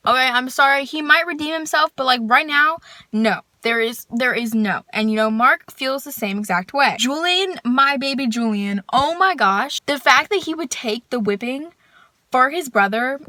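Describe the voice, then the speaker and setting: A woman's voice: sits high, expressive, normal speed, pushed and bright. A young adult woman casually vlogging about her reading, gushing and emphatic, full of fillers. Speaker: book vlogger.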